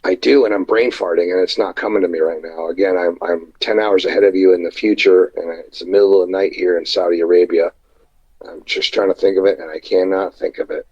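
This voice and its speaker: Husky deep-voiced man telling rambling stories. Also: fairly even intonation, darkish tone, muffled recording. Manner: rambling, halting anecdotes with many fillers. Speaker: wrestler guest. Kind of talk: casual storytelling interview. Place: indoors at night, remote call.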